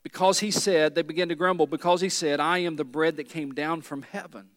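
A man's voice: fairly high pitch, steady tone, fairly quick. A man preaching a sermon as pastor in a large church, emphatic and calling out questions to the congregation. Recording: long hall reverb in a large church.

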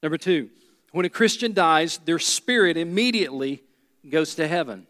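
A man's voice: on the high side, animated, normal speed, a bit bright, big-room sound. A pastor preaching a sermon, a man who drives points home by repeating key phrases.

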